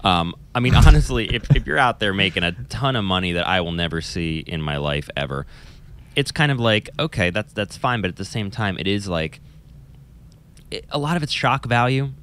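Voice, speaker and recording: Casual male podcast co-host: a deep voice, animated, swears freely, drops into mocking impressions. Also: normal speed, smooth. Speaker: podcast co-host, music teacher. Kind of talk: casual chat.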